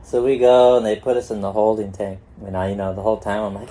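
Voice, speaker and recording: A man's voice: lowish voice, flat delivery, quick pace, dark tone. A middle-aged man from California, a guest telling laid-back stories, swearing freely and laughing as he goes. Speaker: guest, pro skateboarder. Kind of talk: casual storytelling.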